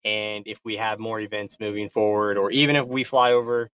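A man's voice: lowish voice, flat delivery, a little fast, a bit bright, smooth, no echo. A man speaking casually on an online community call, effusive and often restarting his words. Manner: hesitant, repeats words, effusive. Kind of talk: casual chat.

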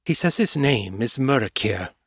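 A man voicing a fierce, protective female vampire who speaks gently but warily in an audiobook. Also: mid-range voice, animated, moderate pace, husky, no echo, studio quality. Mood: wary. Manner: gentle yet guarded.

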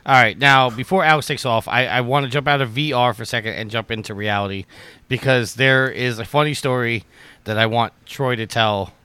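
Bright, crisp-voiced podcast host. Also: male voice, mid-range voice, a little fast, dry recording. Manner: upbeat, steers the conversation. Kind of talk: casual podcast chat.

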